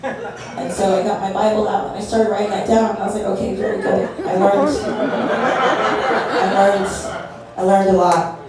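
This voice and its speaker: A young woman performs stand-up at a comedy venue before a live, loud crowd, speaking in a medium pitch with fairly even intonation, unhurried and pausing often. She's nervous and self-deprecating, laughing between jokes. The recording is echoey and distant, with audience noise.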